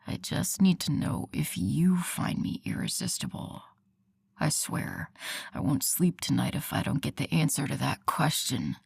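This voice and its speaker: A woman voicing a male werewolf lover, speaking low, husky and intimate. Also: wildly swooping pitch, a little slow, no room sound, heavily acted. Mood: teasing.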